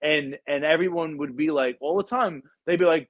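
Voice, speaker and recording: A man's voice: on the high side, normal speed. A man hosting a casual podcast chat, laid-back and slangy, often agreeing with his guest.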